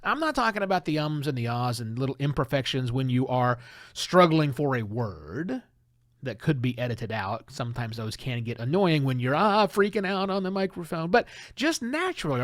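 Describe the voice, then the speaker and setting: A man hosting a solo podcast, talking in an animated, emphatic and conversational way. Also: a little high, moderate pace, dry recording, studio quality. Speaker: podcast host.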